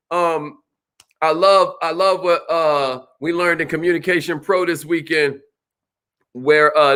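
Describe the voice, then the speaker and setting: High bright-voiced man coaching a crowd. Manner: animated, preacherly, calls out to the audience. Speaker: sales trainer. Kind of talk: motivational seminar talk.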